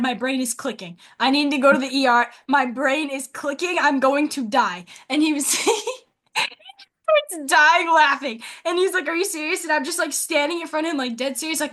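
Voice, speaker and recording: A teenage girl telling stories as a podcast co-host, chatty, with constant filler words and quick laughs. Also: high-pitched, fairly bright tone. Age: teens. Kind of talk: casual storytelling.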